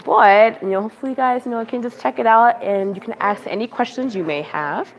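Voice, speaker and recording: A woman with a fairly high voice talks fairly quickly on a muffled recording. She's livestreaming from her phone inside a busy campaign office, chatting casually and rambling with plenty of fillers while crowd chatter carries on behind her.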